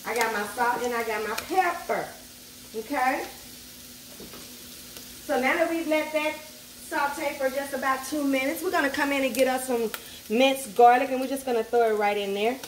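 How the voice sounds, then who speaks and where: A woman's voice: high voice, moderate pace, long pauses, slight background noise. Sassy woman chatting over a skillet. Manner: chatty, playful, sassy asides, talks to the food. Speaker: cooking channel host. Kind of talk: casual cooking tutorial. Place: home kitchen at the stove. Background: food sizzling in a skillet.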